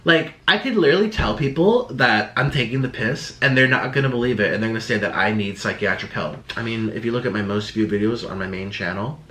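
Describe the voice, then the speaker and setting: A man's voice: lowish voice, fast, hardly any pauses, fairly bright tone. A young man YouTuber talking casually to camera, rambling and defensive, slipping into sarcastic quoted voices. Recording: echoey room.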